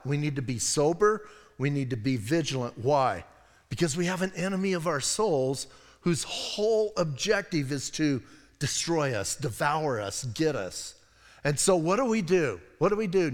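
A man delivers a sermon in an easy, conversational way, wandering into asides and then circling back to his point. His voice sits a little high for a man. The sound carries a long reverb from a church hall. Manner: conversational, digressive, animated asides. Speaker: pastor. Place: church sanctuary.

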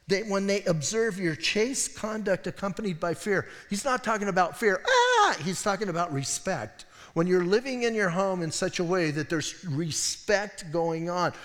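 A man with a fairly high voice preaches a sermon, talking to the congregation like a friend, restarting sentences and tossing in dry asides. His voice rings with a long reverb that trails off through a church hall. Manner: conversational, self-interrupting preaching with wry asides. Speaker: pastor. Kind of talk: expository sermon.

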